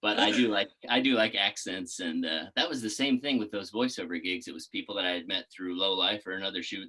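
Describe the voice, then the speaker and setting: A man's voice: on the low side, brisk, sharp tone, low-quality recording. A man in his thirties from Texas, a podcast guest chatting casually, laid-back, laughing often and swearing freely. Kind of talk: casual interview chat.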